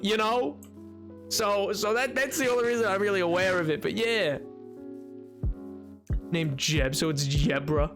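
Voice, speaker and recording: A man's voice: sits high, unhurried, pauses often, fairly bright tone, soft background music. A man streaming a game, chatting casually with viewers in a rambling, playful way and laughing often. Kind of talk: casual live-stream chat while gaming.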